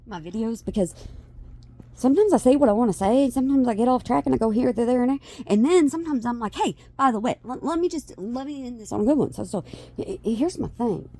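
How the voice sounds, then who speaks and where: A woman's voice: a little high, fast talker. A mother vlogging to her viewers in a rambling, chatty way, often losing her track and starting again. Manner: animated, chatty, trails off and restarts. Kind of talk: rambling casual chat to camera.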